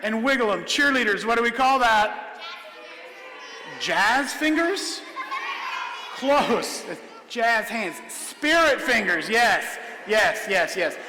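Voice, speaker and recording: A man performing a comedic illusion show for children, jokey and energetic, often checking in with "all right?". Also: very high-pitched, slow, pauses often, some chatter behind. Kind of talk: comedic stage magic show for kids. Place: large church hall with high ceiling. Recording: echoey hall, live stream.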